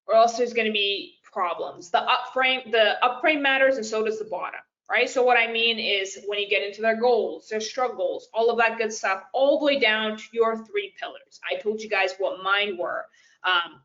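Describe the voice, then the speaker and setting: A woman's voice: medium pitch, fairly bright tone. A woman business coach giving a live webinar presentation, talking directly and casually to her audience with frequent fillers. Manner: chatty and direct, addresses "you guys", frequent fillers. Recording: lo-fi webinar audio.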